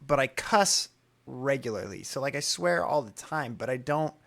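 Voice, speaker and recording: A man co-hosting a podcast in casual chat, loud and passionate, rambling with many restarts. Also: medium pitch, animated, normal speed, vocal fry. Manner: loud, self-described passionate talker. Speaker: podcast co-host and coach.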